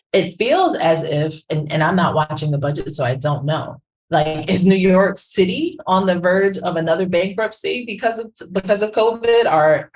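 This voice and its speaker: A woman co-hosting a podcast, giving animated, conversational commentary and often checking in with "right?". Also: on the low side, rough recording. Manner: animated, keeps asking "right?". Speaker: podcast co-host, branding professional.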